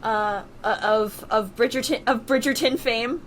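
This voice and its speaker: A woman's voice: a little high, a little slow, a little hiss or hum. A woman co-hosting a casual podcast, reading out history facts with many fillers and restarts. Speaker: podcast co-host. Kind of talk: casual chat.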